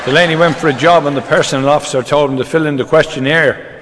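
An older man telling stand-up jokes in a brisk, deadpan way, his voice sitting a little high for a man. It rings through a reverberant hall, with a big live audience laughing along. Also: over a noisy crowd, very noisy. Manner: brisk deadpan storytelling, dropping into quoted voices. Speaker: comedian. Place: live stage before an audience.

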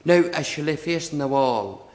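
A man recites a comic poem in a lilting, storytelling rhythm, a little chuckle never far from his voice. His pitch sits somewhat high for a man. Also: lively intonation, normal speed, darkish tone. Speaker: performer reciting comic verse.

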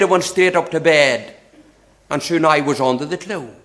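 A man recites a comic poem in a lilting, storytelling rhythm, a little chuckle never far from his voice. His pitch sits somewhat high for a man. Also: moderate pace, a bit bright. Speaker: performer reciting comic verse.

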